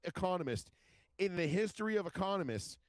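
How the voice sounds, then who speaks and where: A man co-hosting a casual podcast chat, talking in an animated, profane, rambling way. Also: high-pitched, fairly quick, no echo. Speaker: podcast co-host.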